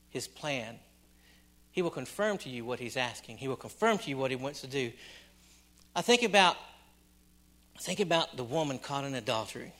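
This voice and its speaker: A middle-aged man preaching a sermon, repeating phrases for emphasis and swinging between loud and hushed delivery. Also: medium pitch. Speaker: pastor.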